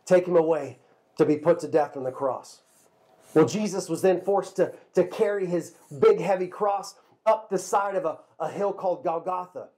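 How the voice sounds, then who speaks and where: A man telling a Bible story to children as a kids' pastor, lively and a little halting, often repeating a word before going on. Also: high-pitched. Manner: lively storyteller, repeats words while talking.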